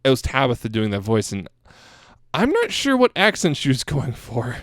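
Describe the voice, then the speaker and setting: A podcast co-host with a mid-range voice and huge pitch swings chats casually while reviewing a cartoon episode, speaking at a normal speed. He rambles, restarting often and laughing a lot, in clean studio sound with no echo.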